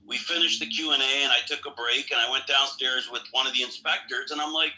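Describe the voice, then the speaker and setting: A man's voice: mid-range voice, steady tone, fast talker, pushed and bright, poor audio. A man in a podcast conversation, telling in a plain conversational way how he ran a community panel. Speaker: community organizer. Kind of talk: casual storytelling.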